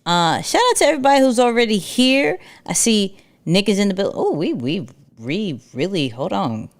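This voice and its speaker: A young adult woman co-hosting a live show, chatting in a bubbly way with quick asides. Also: medium pitch, big pitch swings. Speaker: podcast co-host. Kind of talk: casual live show chat.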